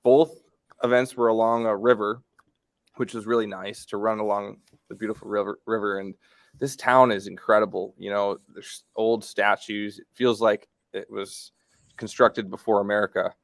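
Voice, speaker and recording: A man in a casual podcast chat, recounting his experience unhurriedly with thoughtful pauses. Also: on the low side, fairly even intonation, no room sound. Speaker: camera operator guest.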